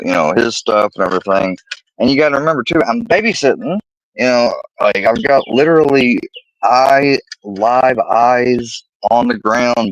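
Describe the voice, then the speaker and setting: A man's voice: on the low side, no room sound, muffled recording. Profane, rambling man ranting. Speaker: vlogger telling a personal story. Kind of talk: heated personal rant.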